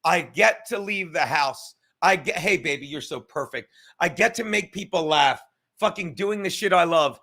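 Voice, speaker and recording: A man's voice: fairly high pitch, animated, moderate pace, bright, forceful tone. A young man, a comedian and show host, ranting casually and profanely from his apartment, rambling and mocking himself. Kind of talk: casual livestream rant.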